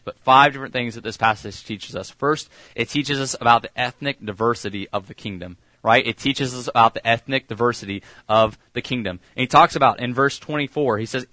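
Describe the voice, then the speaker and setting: Conversational preacher, dry close sound. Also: male voice, dry recording. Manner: conversational preaching, drops soft and low on key lines. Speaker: pastor. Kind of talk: sermon.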